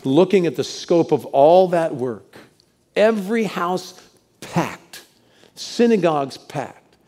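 A middle-aged pastor with a medium-pitched, dark-toned voice preaches to his congregation in a church sanctuary. He tells stories and leads the crowd in call-outs.

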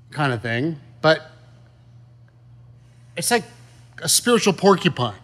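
A man's voice: medium pitch, fairly bright tone. A man preaching a sermon in a conversational, folksy way, full of rhetorical questions and asides. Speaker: pastor.

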